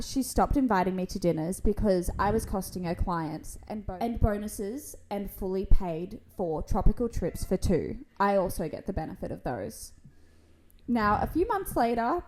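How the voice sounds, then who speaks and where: A woman's voice: mid-range voice, animated, normal speed, noisy background. A woman co-hosting a podcast, reading a story aloud and chatting, often amused and laughing as she goes. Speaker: podcast co-host reading stories.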